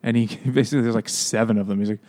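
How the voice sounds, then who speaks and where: A man's voice: fairly low pitch, fairly even intonation, rapid-fire, warm tone. A man co-hosting a casual book-club podcast, laughing often and acting out quotes in a raised voice. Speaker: podcast co-host.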